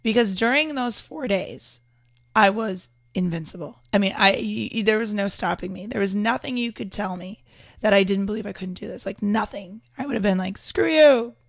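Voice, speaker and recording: A hoarse woman, slightly sick, talking casually and earnestly to camera in a vlog, often restarting her sentences. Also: medium pitch, normal speed, no room sound, studio quality. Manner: earnest, rambling, with frequent restarts. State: hoarse from illness. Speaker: podcast host and entrepreneur. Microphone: external microphone.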